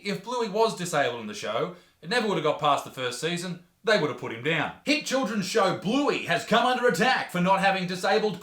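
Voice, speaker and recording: Brash, bright-voiced Australian man ranting. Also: on the high side, reverberant. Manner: crude, profane, sarcastic ranting. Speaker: comedian host. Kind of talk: comedic rant commentary.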